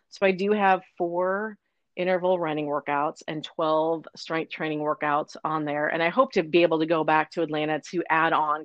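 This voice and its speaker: A woman fitness coach chatting as a guest in an interview, upbeat and fast-talking. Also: fairly low pitch, no room sound, muffled recording. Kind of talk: casual interview chat.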